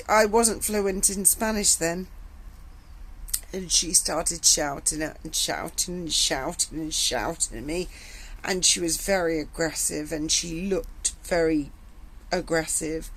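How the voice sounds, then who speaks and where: A middle-aged Englishwoman tells a personal story in an unhurried, halting way, repeating words as her feelings rise. Her voice sits at an ordinary middle pitch, and she speaks slowly and deliberately. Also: low-quality recording. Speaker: vlogger recounting her past.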